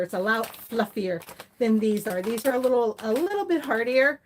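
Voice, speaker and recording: A woman's voice: a little high, brisk, slight background noise. A middle-aged woman chatting casually through a yarn haul, gushing and chatty with lots of fillers and asides. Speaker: fiber crafts vlogger.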